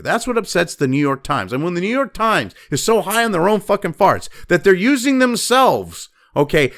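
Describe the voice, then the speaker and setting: A man in his fifties delivers a profane, mocking opinion rant as the host of his own show. His voice sits high for a man and leaps around with lively swings in pitch. A gravelly fry runs through it as he sneers and swears. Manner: angry, mocking, heavy swearing. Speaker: political commentary host.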